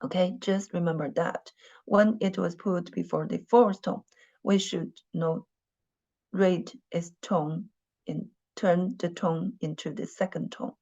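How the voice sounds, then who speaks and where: A woman teaches a class, her voice sitting a bit low and moving at an unhurried pace. She repeats her phrases and fills the gaps with small fillers. The recording sounds dull and lo-fi. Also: steady tone, mellow. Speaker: Mandarin teacher. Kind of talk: classroom lesson.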